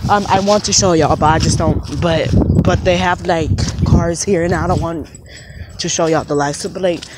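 A woman's voice: fairly low pitch, steady tone, normal speed, very noisy. A woman talking to a phone camera while walking outdoors on a cold residential street. She rambles sadly and keeps calling out to her dog. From Texas. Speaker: vlogger. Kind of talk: casual vlog, walking and talking.

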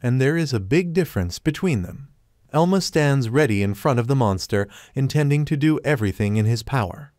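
A man narrates a story recap from a script. His pitch sits in the middle, and he keeps a steady, even pace through the action. The sound is dry and close. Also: brisk, no echo.

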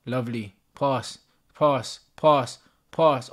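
A young man reacts live to a football match, his voice swinging widely up and down as he groans and rants. He swears freely, packs his talk with street slang and yells at the referee. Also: sits high, very animated, measured pace. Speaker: football fan streamer. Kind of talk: live watch-along commentary.

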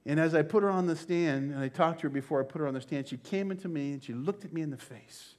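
An older man preaches a sermon to his congregation in church. His voice sits slightly high, and he slows down for emphasis and sometimes sinks to a near-whisper. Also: a little mellow. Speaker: pastor.

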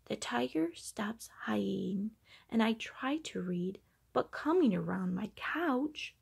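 Lady doing a kids read-aloud, slow and gravelly, lots of playful sound effects. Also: mid-range voice, highs cut off. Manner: animated, acting out sound effects. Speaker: storybook reader.

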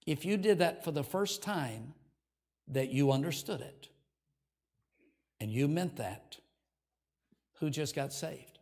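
A man's voice: on the high side, expressive, takes it slowly, long pauses, a little mellow. Older male pastor giving an altar call. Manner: earnest, leads prayer, coaxing invitation. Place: church sanctuary.

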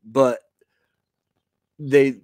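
Man, 50s, livestream host; unhurried, rambling chat, dry close sound. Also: medium pitch, little pitch movement, a little mellow, no room sound. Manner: rambling, with many fillers and restarts. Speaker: homestead show host. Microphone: computer mic on a live stream.

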